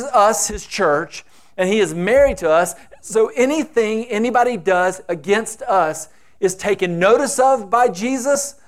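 A man preaching a sermon, acting out the quoted voices with dramatic shifts. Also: high voice. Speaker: pastor.

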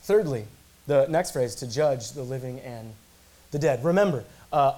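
A man's voice: a little high, animated, moderate pace, dark tone. A male pastor preaching an earnest sermon, emphatic, repeating words and slipping in casual asides.

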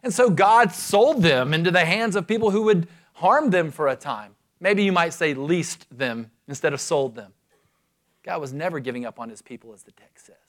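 High-voiced man preaching a sermon. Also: a bit bright. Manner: rhetorical questions, retelling scripture with emphasis.

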